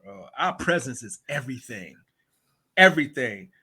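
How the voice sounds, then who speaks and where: A man who is a teacher and basketball coach, talking on a podcast in a blunt, animated way, acting out kids and parents and laughing often. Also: mid-range voice, moderate pace, breathy edge. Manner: animated storyteller, acts out voices of kids and parents. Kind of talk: casual podcast conversation.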